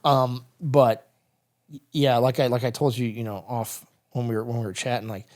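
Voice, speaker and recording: A middle-aged American man, a guest on a podcast, recounting a combat story in halting speech full of fillers and restarts. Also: medium pitch, steady tone.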